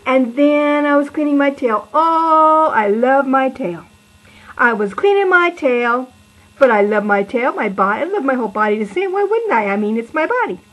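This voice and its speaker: A woman's voice: high voice, expressive, moderate pace, fairly bright tone, rough recording. A woman voicing a playful, chatty lion who preaches a children's sermon in a sing-song, exaggerated way.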